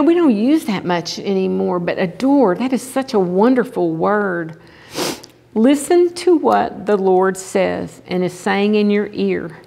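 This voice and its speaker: Gravelly older woman preaching in a hall. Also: medium pitch, darkish tone. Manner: earnest, conversational, repeats "okay?" to the audience. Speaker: chapel speaker. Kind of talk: sermon. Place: chapel hall. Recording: long hall reverb.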